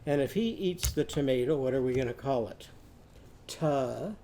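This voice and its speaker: A man teaching a children's literacy lesson, modeling speech sounds slowly and leading the class to repeat them. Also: medium pitch, dark tone, slight background noise.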